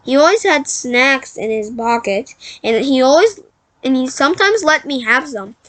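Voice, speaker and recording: A woman's voice: sits high, expressive, fairly bright tone, dry recording. A woman reading a storybook aloud, stumbling and correcting herself as she goes. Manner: halting, self-correcting read-aloud. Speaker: book reader.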